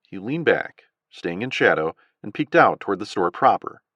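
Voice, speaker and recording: A man narrating an audiobook thriller with an expressive, dramatic reading. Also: lowish voice, normal speed, slightly rough, no echo, highs cut off. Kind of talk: scripted narration.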